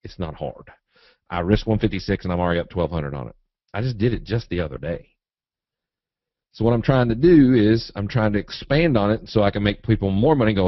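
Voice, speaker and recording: A trading educator from Eastern Kentucky, with a Southern accent and a low, easygoing voice, leads a live webinar at a fairly quick pace. Relaxed and folksy, he jokes while reading out viewer questions and answering them. The audio is dry with no room sound, slightly muffled like a dull web stream.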